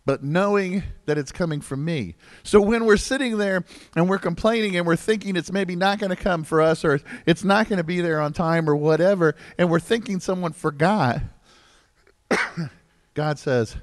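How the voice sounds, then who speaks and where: A man preaching as pastor in a church service, conversational and joking, with asides to the congregation and wide swings between loud emphasis and low asides. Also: normal speed, dry recording. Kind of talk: sermon. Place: church sanctuary.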